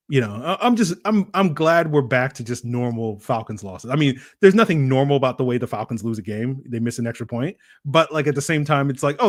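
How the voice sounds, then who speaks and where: A man's voice: mid-range voice, dry recording, clean studio sound. Chatty man hosting a sports podcast. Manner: chatty, rambling, self-mocking. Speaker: podcast host. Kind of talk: casual sports analysis.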